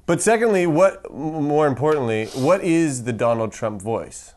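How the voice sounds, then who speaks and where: A man's voice: on the high side, expressive, moderate pace, a little mellow. A man interviewing a guest for a feature piece, asking playful questions. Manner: playful questions, laughs easily.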